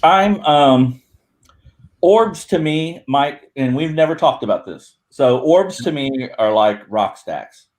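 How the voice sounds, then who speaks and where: A man's voice: on the high side, expressive, slow. A man talking as a guest in a casual video-call chat, rambling and correcting himself as he tells a story. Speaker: guest, Bigfoot researcher.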